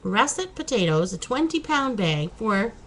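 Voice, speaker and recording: Lively chatty woman vlogging at home. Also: fairly high pitch, moderate pace, slight background noise, rough recording. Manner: chatty, laughing, exclaiming. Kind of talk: casual chat.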